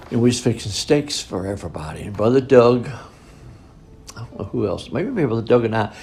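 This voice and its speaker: Gravelly older man telling folksy stories. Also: on the low side, darkish tone. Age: 80s. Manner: folksy, rambling, colloquial grammar. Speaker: minister's son recounting family photos. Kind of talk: informal storytelling.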